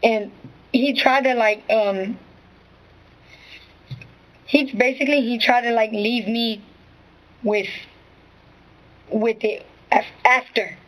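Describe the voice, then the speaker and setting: A woman with a somewhat high voice tells her account to an interviewer. She rambles, curses freely and keeps restarting her sentences with filler phrases. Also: fairly even intonation, takes it slowly, pauses often, low-quality recording. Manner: rambling, profane, full of restarts and "you know what I'm saying". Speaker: witness being questioned.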